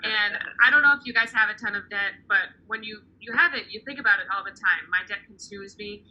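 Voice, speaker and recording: A woman's voice: mid-range voice, fairly quick, sharp tone, dull audio. A young woman performing a stand-up comedy set over a video call, chatty and self-deprecating, often laughing at her own jokes.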